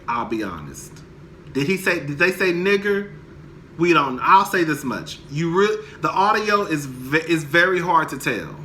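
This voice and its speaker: A man's voice: fairly high pitch, sharp tone, a little hiss or hum. A young man angrily ranting about a reality TV show, heated, profane and emphatic. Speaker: commentator. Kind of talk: angry reality TV rant to camera.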